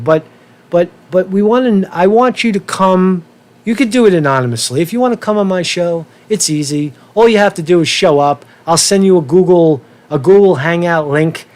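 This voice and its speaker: A man hosting a casual livestream rant, worked up and talking fast to his viewers, often repeating and restarting his words and swearing now and then. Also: high-pitched. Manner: asks viewers for feedback, profane. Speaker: livestream host.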